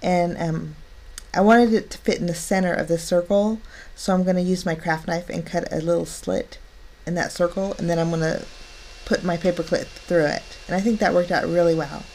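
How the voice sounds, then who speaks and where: A middle-aged woman with a slightly low voice walks through a card-making tutorial step by step. She sounds chatty and cheerful, with easy fillers between steps. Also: steady tone, normal speed, darkish tone. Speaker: crafting channel host. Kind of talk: step-by-step craft tutorial voice-over.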